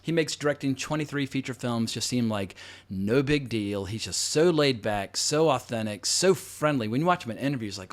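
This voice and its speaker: A man's voice: medium pitch, lively intonation, normal speed. A man in his forties hosting casual film commentary, talking in a rambling, conversational way full of asides. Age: 40s. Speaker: host.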